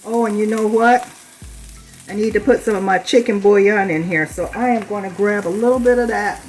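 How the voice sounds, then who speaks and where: A woman hosting a home cooking demonstration, chatty and unhurried, speaking to viewers as "you guys", a little hoarse from a lingering cough. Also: mid-range voice, a little mellow, rough recording. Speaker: cooking channel host.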